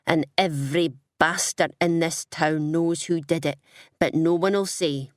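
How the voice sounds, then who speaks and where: A surly middle-aged shopkeeper, read by a woman who snarls and hisses at the man in front of him. The voice sits low and husky, pushed louder than the narration, and the recording is dry and close. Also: very animated, slow pace, dry recording, full character voice. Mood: snarling. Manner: snarling, defensive.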